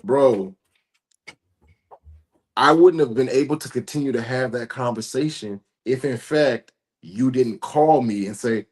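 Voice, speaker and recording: A man's voice: mid-range voice, measured pace, pauses often, a little mellow. A man in his thirties hosting a podcast, talking in a laid-back, slangy, rambling way with many restarts. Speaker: podcast host. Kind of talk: casual chat.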